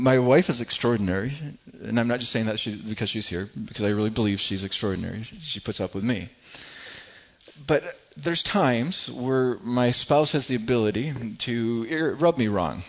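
A man's voice: mid-range voice, moderate pace, gravelly, muffled recording. A middle-aged man preaching a sermon as pastor, earnest and prone to repeating words as he builds his points.

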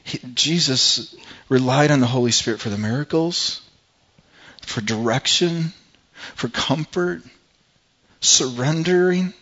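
A man preaching during a church service, earnest and halting, circling back over his words. His voice sits at an ordinary middle pitch. The recording is dull and lo-fi. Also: fairly bright tone. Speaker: pastor. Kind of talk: sermon and prayer.

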